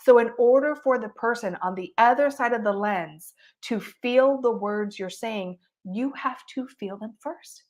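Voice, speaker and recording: A woman's voice: on the high side, a little slow, hardly any pauses. A woman teaching an online marketing coaching session, talking expressively and with emphasis, often laughing between points. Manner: expressive, emphatic, acts out examples.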